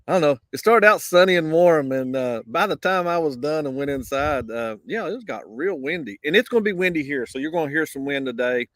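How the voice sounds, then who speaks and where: A man's voice: fairly high pitch, expressive, brisk, few pauses, fairly bright tone, no echo, clean studio sound. A man hosting a casual live morning show outdoors, easygoing and drawling his greetings to viewers. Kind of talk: casual live-stream chat. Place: outdoors on a windy day. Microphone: basic mic, no wind cancelling.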